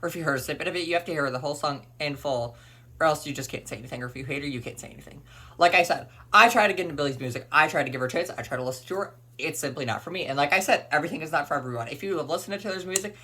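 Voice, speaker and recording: A man's voice: fairly high pitch, sharp tone. A young man ranting to the camera in a vlog, emphatic and opinionated, repeating his points. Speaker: vlogger.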